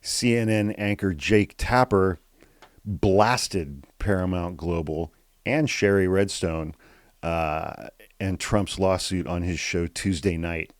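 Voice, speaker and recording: Deep-voiced man doing blunt political commentary. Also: slow, no echo. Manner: reads quotes aloud in a flat, calm tone and swears freely. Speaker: podcast host.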